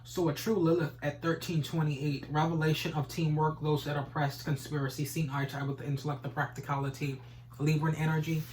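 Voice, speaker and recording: A man's voice: fairly high pitch, flat delivery, fairly quick, a little mellow, slight background noise, rough recording. A man giving a casual tarot reading, rambling and repeating stock phrases, swearing now and then. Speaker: tarot reader.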